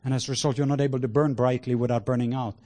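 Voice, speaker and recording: A man preaching a sermon with passion, moving between hushed words and loud exclamations. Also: mid-range voice, level tone, very fast. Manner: sprinkles in laughter and cries of "whoa".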